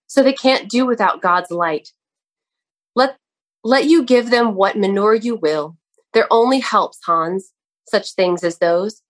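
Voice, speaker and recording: A woman with a medium-pitched voice, slow and close to her everyday way of speaking, reads aloud as a kindly male nursery gardener. In that role, she explains things earnestly to a lad and sometimes exclaims.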